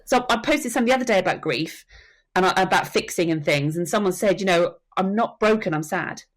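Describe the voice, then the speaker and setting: Woman guest, earnest storyteller, mid pitch, chatty podcast guest. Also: brisk. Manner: earnest storytelling, acts out quotes. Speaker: soul midwife and death educator. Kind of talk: podcast conversation.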